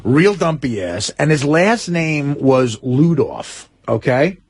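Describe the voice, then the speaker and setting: A man tells rowdy stories in a gravelly, slightly high voice. His pitch swings widely as he rambles and laughs through his anecdotes. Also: expressive, takes it slowly, dry recording. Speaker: radio show regular. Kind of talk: rowdy storytelling.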